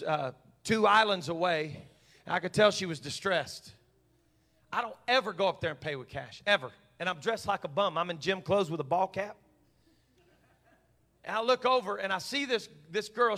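A man's voice: high voice, normal speed, pushed and bright. A man, a pastor, preaching a sermon and telling a personal story in a conversational way.

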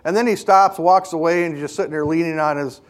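A man's voice: fairly high pitch, fairly even intonation, fast. A man preaching a sermon as a pastor, in an earnest, emphatic storytelling manner.

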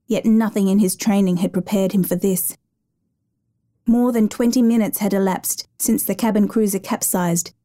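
A woman narrates a dramatic true rescue story in a measured, even reading. Her voice is mellow and warm, at a middle pitch.

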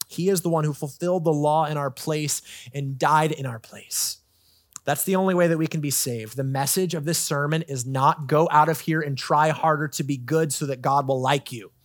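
A man's voice: a little high, a bit bright, no echo, clean studio sound. A man in his thirties preaching a sermon as a pastor, earnest and conversational, telling personal stories. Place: church stage.

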